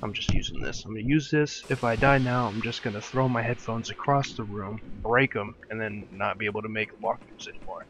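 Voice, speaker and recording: A man's voice: lowish voice, fairly quick, hardly any pauses, fairly bright tone, a little hiss or hum. A young adult man giving frustrated gameplay commentary from his room at home, cursing and muttering in exasperation at the game. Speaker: let's play commentator.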